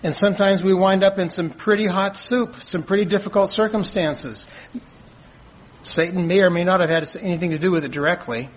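A man preaching a sermon in an earnest, measured way, asking rhetorical questions and answering them. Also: high-pitched, slight background noise, rough recording. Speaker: pastor.

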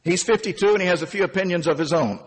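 A man in his fifties narrates a personal story in an animated, emphatic way. His voice sits a bit high and husky. A long reverb trails each phrase. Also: fast talker.

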